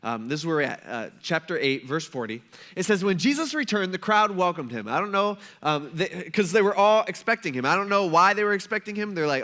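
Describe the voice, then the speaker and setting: A man's voice: high-pitched, big pitch swings, a little fast, bright, forceful tone. A male pastor giving a casual, storytelling sermon and acting out the people in it. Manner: casual storytelling, acts out quoted voices.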